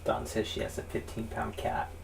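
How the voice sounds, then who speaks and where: A man's voice: on the low side, monotone, moderate pace, creaky, crowd noise. A man reading viewer questions aloud to the host in a plain, matter-of-fact way.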